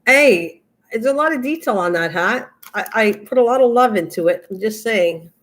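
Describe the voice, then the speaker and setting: An older woman hosts a craft livestream in a slightly high voice. She rambles in easy, chatty talk, addresses her viewers by name, and keeps bursting into laughter. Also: expressive, moderate pace, a bit bright. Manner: talks directly to chat viewers by name. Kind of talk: casual livestream chat.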